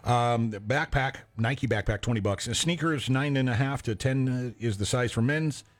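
A man's voice: medium pitch, moderate pace. A man hosting a local call-in radio show, chatting casually and reading back phone numbers. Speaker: radio host.

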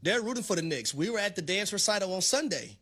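A middle-aged man co-hosting a sports radio show, talking in a hyped, preacher-like sing-song that swells into shouts. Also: sits high, big pitch swings, fast talker. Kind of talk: animated sports radio banter.

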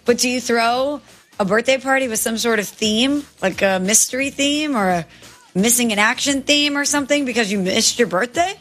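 A woman's voice: fairly high pitch, normal speed, fairly bright tone, soft background music. A woman co-hosting a sports talk radio show, playfully teasing her co-host.

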